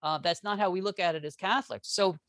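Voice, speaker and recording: A man speaking as a guest historian in a casual interview, animated and joking, often restarting his sentences. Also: high-pitched, fast talker, no echo.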